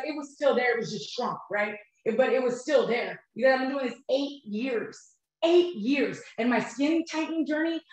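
A woman, hosting and talking to her viewers about her life, animated and heartfelt. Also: sits high. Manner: animated, heartfelt, addresses viewers as "you guys". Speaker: host of a couples health channel. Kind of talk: emotional personal talk to viewers. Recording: very echoey room.

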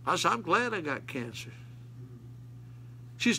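A man's voice: high-pitched, sing-song, a little slow, vocal fry, bright, forceful tone, husky. An older man, preaching a sermon in a folksy manner that rises to emphatic calls. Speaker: pastor.

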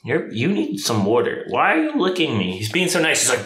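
A man making a casual home vlog at night, playfully scolding his dog and jumping into a high sing-song voice. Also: wildly swooping pitch, brisk, few pauses, a bit bright. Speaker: vlogger. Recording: echoey room, voice far from the mic, faint noise.

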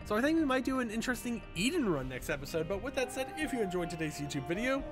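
A man giving jokey, animated gameplay commentary as a YouTuber, talking back at the game, with faint game music behind him. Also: sits high, quick pace. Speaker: gaming YouTuber.

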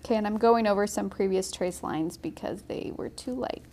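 A young woman giving a casual, chatty watercolor painting tutorial, encouraging and quick to laugh. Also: medium pitch, darkish tone, a little hiss or hum. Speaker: watercolor instructor.

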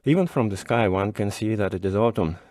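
A timid, polite young student, as a man reads him, making earnest small talk in a storybook reading. The voice stays lowish and is heard dry and close. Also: a little fast, a little mellow, dry recording, lightly acted.

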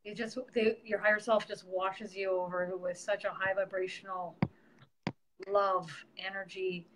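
This middle-aged woman, a medium and stream host, chats casually about her work, teaching warmly and using many fillers. She has a mid-range voice. The low-quality recording has slight background noise.

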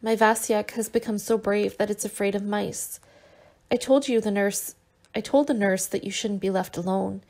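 A woman reader voicing a tender young man who gently coaxes and teases his sick lover in an audiobook. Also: mid-range voice, steady tone, moderate pace, lightly acted. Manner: gentle and coaxing, with soft teasing.

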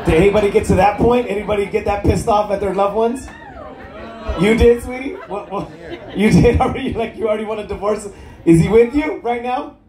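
High-pitched male comic working the crowd, profane and giggly; live echoey room with a roaring audience. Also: a little fast. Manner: profane, teasing, laughing at his own jokes. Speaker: stand-up comedian. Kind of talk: crowd-work stand-up. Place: cruise ship comedy club.

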